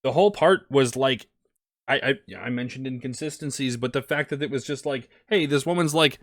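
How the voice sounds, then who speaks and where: A man's voice: mid-range voice, fairly quick, fairly bright tone. A man co-hosting a podcast, ranting in exasperation, sighing and stammering. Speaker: podcast co-host. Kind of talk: casual podcast review chat.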